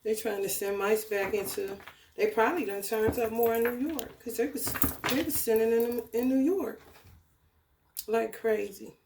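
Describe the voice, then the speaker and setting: A woman speaking, ranting in a casual spiritual vlog. Her voice sits a little high and comes back off the walls of an echoey room, and she talks profanely with sudden bursts of animation. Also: moderate pace, a little hiss or hum. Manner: profane, animated, laughing outbursts. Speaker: spiritual tarot reader.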